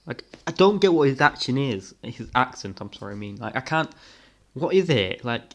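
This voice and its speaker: A man's voice: medium pitch, big pitch swings, normal speed. A young man in a mid-range voice comments over clips in a casual, rambling way. He sounds mocking and keeps filling his sentences. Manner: mocking, rambling, many fillers. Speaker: reaction video host.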